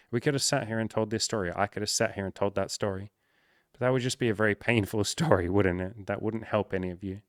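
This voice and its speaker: Low-voiced man, earnest and emphatic. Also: steady tone, fast talker, dry recording, clean studio sound. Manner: earnest, emphatic, swears often. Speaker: coach. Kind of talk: personal vlog monologue.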